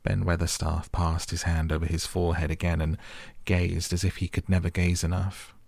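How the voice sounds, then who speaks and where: A man narrating a storybook audiobook for sleep in a calm, gentle, measured way. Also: low voice, vocal fry, no room sound. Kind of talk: soft bedtime audiobook reading.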